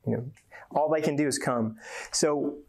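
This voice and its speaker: Man, conference speaker, slightly high voice, folksy humor, lots of word repeats. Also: normal speed, creaky, a little mellow, slight background noise. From Georgia, USA. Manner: folksy, joking, repeats words often. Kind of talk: live conference talk.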